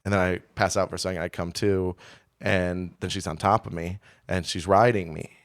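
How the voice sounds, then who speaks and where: A man's voice: low-pitched, fairly even intonation, moderate pace. Candid rambling man telling a story. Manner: candid, rambling, lots of restarts and "right?". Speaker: podcast co-host. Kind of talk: casual storytelling chat.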